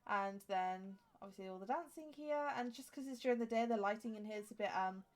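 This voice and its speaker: A woman's voice: mid-range voice, fairly quick, darkish tone. A woman in her twenties with an English accent, giving rambling, chatty commentary over a game with many fillers and restarts. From England. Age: 20s. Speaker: game streamer. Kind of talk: casual gameplay commentary.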